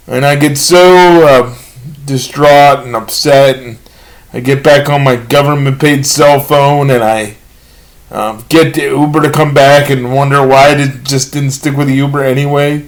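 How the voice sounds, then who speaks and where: A man telling a self-deprecating comedy monologue, halting with many pauses and fillers. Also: mid-range voice, fairly even intonation, low-quality recording. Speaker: amateur comedian.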